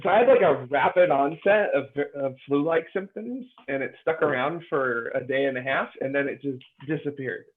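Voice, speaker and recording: A man's voice: medium pitch, moderate pace, few pauses. A young man chatting casually on a call, making brief, laid-back remarks. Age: young adult. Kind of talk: casual chat. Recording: tinny phone-like call audio.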